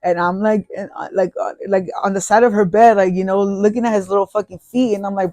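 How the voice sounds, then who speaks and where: A podcast host tells a personal story in casual, rambling fashion, swearing freely and restarting sentences. The pitch sits in a middle range. The sound is dry and close, with no room echo. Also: fairly even intonation, fast, warm tone.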